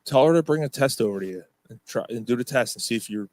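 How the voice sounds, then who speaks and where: He speaks quickly with lively intonation and a medium pitch, co-hosting a podcast. His stories ramble along with plenty of fillers and frequent swearing, like casual talk at a pub, and the audio is a little mellow.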